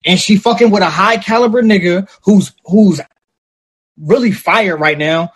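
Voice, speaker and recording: A man with a fairly high, husky voice holds forth in casual podcast chat. He is animated and profane, slipping into quick acted-out quotes as he makes his case.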